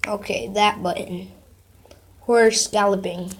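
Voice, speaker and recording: A woman's voice: medium pitch, fairly even intonation, a little fast, noisy background. A woman vlogger in casual chat, playing sound effects from an app and reacting with giggly, playful commentary.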